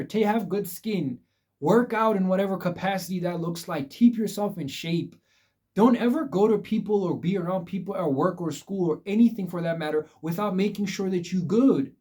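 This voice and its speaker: A man's voice: sits high, warm tone. A young man vlogging life advice straight to his viewers, emphatic and repetitive, calling them guys. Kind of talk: casual direct-to-camera advice talk.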